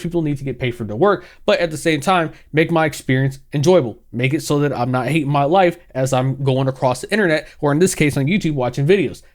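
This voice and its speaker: A young man ranting sarcastically in casual commentary, exaggerated and quick to laugh. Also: mid-range voice. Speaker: gaming commentary youtuber.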